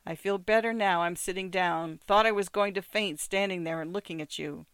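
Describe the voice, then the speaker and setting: A reader voicing a wry, middle-aged man who teases and gently presses a former lover, in a dry recording. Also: mid-range voice, steady tone, normal speed, clear, resonant tone, no echo, lightly acted.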